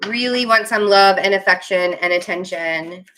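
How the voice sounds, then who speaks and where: A woman with a bright, forward voice gives a casual tarot reading to her viewers. She rambles, trails off mid-thought and laughs nervously, then apologizes again and again. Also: medium pitch, moderate pace. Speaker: tarot reader.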